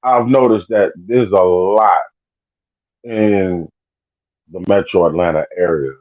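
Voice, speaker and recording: A man's voice: low-pitched, slow pace, no room sound. A man co-hosting a casual podcast, telling a loose conversational story. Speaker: podcast co-host. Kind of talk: casual chat. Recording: tinny phone-like dry audio.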